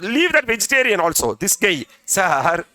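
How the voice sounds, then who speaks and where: A man's voice: high-pitched, big pitch swings, moderate pace, pushed and bright, no echo. A middle-aged man, teaching a classroom lecture in a chatty way, often checking if the class is with him. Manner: chatty, keeps asking "are you with me", says "sir" often. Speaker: CA exam tutor. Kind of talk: classroom lecture with story examples.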